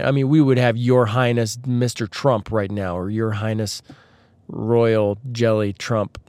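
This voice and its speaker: A man's voice: lowish voice, fairly even intonation, unhurried, a little mellow, no room sound. Sarcastic man rambling through a podcast story. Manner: sarcastic, rambling, jokey asides. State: slightly husky from a tickle in the throat. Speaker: podcast host. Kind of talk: casual comedic storytelling monologue.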